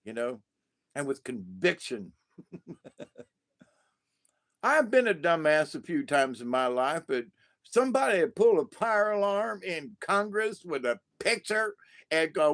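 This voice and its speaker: Slow, high-voiced man rambling. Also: animated, fairly bright tone. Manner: laughs often, repeats insults with emphasis. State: stoned. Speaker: vlogger. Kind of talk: rambling monologue to viewers.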